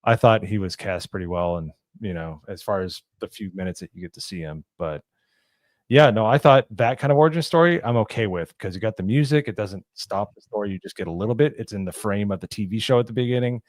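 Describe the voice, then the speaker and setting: A man's voice: on the low side, quick pace, no room sound, clean studio sound. A man co-hosting a casual movie review chat, talking in an enthusiastic, gushing way with lots of "like". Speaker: co-host of a movie review show.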